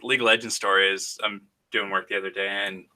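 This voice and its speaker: Bright-sounding guy on a podcast, chatty, acts out the people in his stories. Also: fairly low pitch, fast talker. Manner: animated storyteller, acts out quoted voices. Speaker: podcast co-host. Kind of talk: casual chat.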